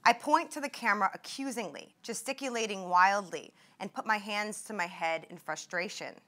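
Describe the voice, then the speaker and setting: A woman's voice: medium pitch, normal speed, sharp tone. A woman in her twenties giving a talk, reading passages from her memoir aloud and acting out the quoted outbursts with rising intensity. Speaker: invited speaker at a medical grand rounds.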